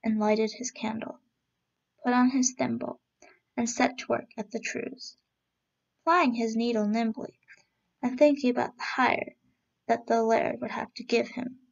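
A woman reading a storybook aloud as a storyteller, in a steady, even-paced read-aloud manner, on a dull lo-fi recording. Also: fairly high pitch, unhurried, vocal fry, long pauses.

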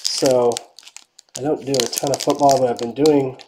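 A woman hosting a trading card break, giving casual running commentary and dropping to quiet mutters while she checks cards. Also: a bass voice, fairly even intonation, normal speed, heavy background noise.

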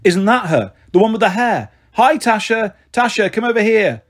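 A man voicing an excitable, flamboyant young mother who calls out loudly and eagerly in an audiobook reading. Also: normal speed, breathy edge, exaggerated voice. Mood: shrill, eager. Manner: shrill, eager calling out. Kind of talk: audiobook character voice.

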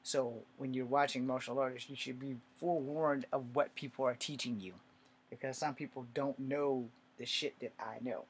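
A man casually telling a story to camera, blunt and profane, swinging from low mutters to loud outbursts. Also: steady tone, normal speed, slight background noise. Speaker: vlogger.

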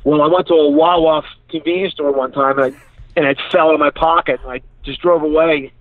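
A man's voice: fairly high pitch, steady tone, a little fast, no room sound. A man with a Philadelphia accent, a comedian guest chatting casually and laughing through rambling stories, calling in from his truck. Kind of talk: casual chat. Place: inside his parked truck. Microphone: phone call. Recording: tinny dry phone line.

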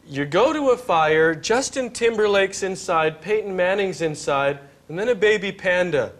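A man's voice: sits high, animated, normal speed, a bit bright. A man co-hosting a comedy morning show, asking absurd questions in a playful, straight-faced way. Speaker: co-host. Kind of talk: improvised mock interview.

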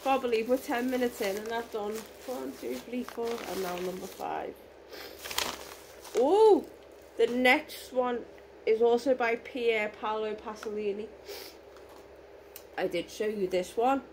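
A woman with a hoarse voice, gushing excitedly and emotionally in a casual unboxing vlog. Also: fairly high pitch, measured pace, noisy background. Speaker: vlogger.

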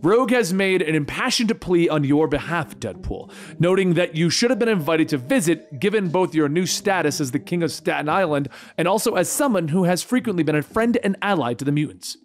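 A man voicing a stern female mutant leader in a comic book story, speaking in a cold, measured and dismissive way. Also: a little high, animated, faint music behind, lightly acted. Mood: cool dismissive.

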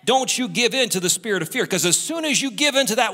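A man's voice: very high voice, animated, fast, sharp tone. A male pastor preaching a sermon in an impassioned way, pressing the congregation again and again. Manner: impassioned, repetitive exhortations, talks straight to the congregation. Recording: church hall reverb.

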